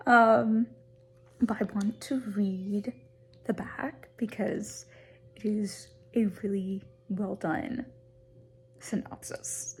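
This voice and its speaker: A woman's voice: medium pitch, steady tone, very slow, long pauses, slight background noise. A woman in her twenties, a teacher, chatting casually in a book vlog and reading a synopsis aloud. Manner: reads the synopsis aloud, then chats in an upbeat way. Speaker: high school teacher and book vlogger.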